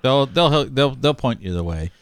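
A man co-hosting a podcast in loose, rambling chat, now and then acting out quotes in put-on voices. His voice is smooth and resonant, and his pitch moves a lot. The sound is close and dry. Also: animated, moderate pace, dry recording. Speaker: podcast co-host. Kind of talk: casual chat.

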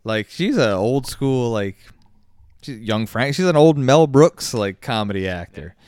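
Male co-host, rambling jokey delivery, animated voice. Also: medium pitch, a little slow, clean tone, no echo. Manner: rambling, profane, joking. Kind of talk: casual movie chat.

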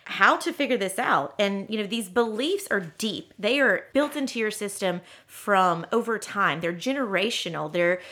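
Woman podcast co-host, bright tone, chatty and conversational. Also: medium pitch, lively intonation, moderate pace, hardly any pauses. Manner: chatty, acts out inner thoughts in quotes. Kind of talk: casual podcast chat.

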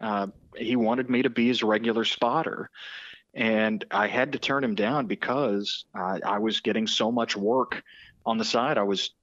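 A male sports broadcaster telling anecdotes in a podcast interview, lively and full of restarts. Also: on the low side, a little slow, no room sound, dull audio. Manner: animated anecdotes with frequent restarts and quoted voices.

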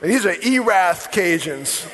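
A male preacher with a high, ringing, forceful voice delivers his sermon with emphatic repetition and folksy asides to the congregation. His words echo with a long reverb through a big church sanctuary. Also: animated, slow, slight background noise. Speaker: pastor. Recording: long reverb of a large hall.

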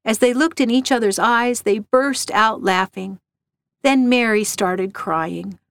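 A woman reading a short story aloud with a steady, even storytelling delivery. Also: fairly high pitch, takes it slowly, vocal fry, dry recording. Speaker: narrator.

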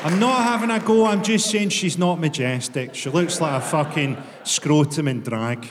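A Scottish man with a Glaswegian accent doing a stand-up comedy set, deadpan and profane, with sudden bursts of mock outrage. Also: fairly high pitch, moderate pace, crowd noise. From Scotland. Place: comedy venue with audience laughter. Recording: long hall reverb, clear ambient noise.

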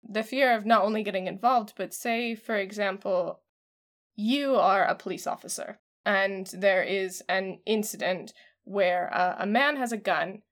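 A woman's voice: medium pitch, a little slow. A woman co-hosting a casual discussion, chatty and full of "like" fillers. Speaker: podcast co-host.

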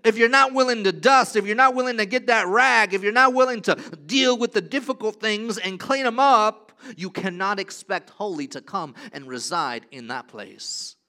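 Bright-toned emphatic male preacher. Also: normal speed, hardly any pauses. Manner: emphatic and repetitive, swinging between soft low passages and loud rising declarations. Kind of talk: sermon.

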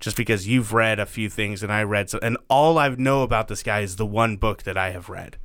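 Bright, crisp-voiced joking man. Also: lowish voice, a little fast, no echo, clean studio sound. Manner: joking, playful, laughs often. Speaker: podcast co-host. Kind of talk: casual chat.

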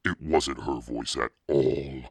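A man voicing Satan as a demonic podcast narrator, reading a spooky children's story in a slow, menacing drawl with a husky, gravelly voice. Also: steady tone, dry recording, studio quality, heavily acted. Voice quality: extremely deep, gravelly and husky. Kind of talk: scripted narration.

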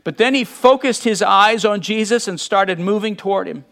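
A man preaching a sermon in a conversational way, acting out quotes from the story with animated bursts. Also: sits high, moderate pace, vocal fry.

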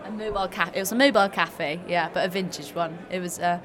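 A woman founder answering interview questions, friendly and a bit halting, at a trade show. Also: on the low side, a faint crowd. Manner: friendly, halting with fillers, laughs easily. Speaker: guest, small food business founder.

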